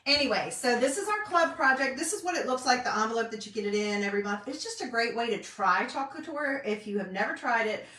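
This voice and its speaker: Fast and expressive with few pauses, her high-leaning voice is bright and forceful. This middle-aged North Carolina craft vlogger and independent designer speaks with a Southern accent, chatting casually on a live stream from her home craft room and scattering fillers and folksy asides throughout. Her voice is a bit distant in the echoey room.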